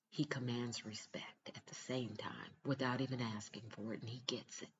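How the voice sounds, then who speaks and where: A woman's voice: a bass voice, muffled recording, a little hiss or hum. A mother talking straight to her viewers in a casual vlog, earnest, emphatic and direct. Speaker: mother giving relationship advice.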